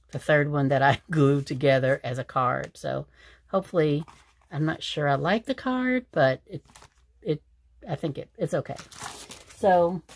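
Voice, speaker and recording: A woman chatting casually as she shows her crafts, rambling with lots of fillers and restarts. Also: rumbling low. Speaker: crafting channel host. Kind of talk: casual craft show-and-tell.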